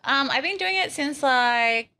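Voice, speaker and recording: Bright-voiced young Australian woman. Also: high-pitched, animated, a little slow. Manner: giggly, loose, casual with fillers. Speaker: podcast guest. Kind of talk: casual interview chat.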